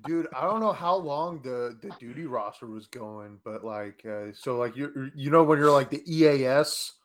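A young man guesting on a podcast, telling stories in a low mumble and laughing. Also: lively intonation, normal speed. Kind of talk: casual chat.

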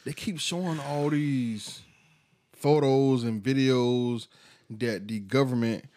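A man's voice: mid-range voice, takes it slowly, mellow. Blunt podcast co-host, a man. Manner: interjects short agreements, then blunt opinions. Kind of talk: casual podcast chat.

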